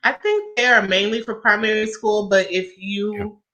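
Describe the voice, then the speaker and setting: A woman's voice: medium pitch, fairly even intonation, moderate pace, pushed and bright, low-quality recording. A woman guest in a casual conversation, speaking earnestly and reflectively about her work. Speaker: guest, music educator.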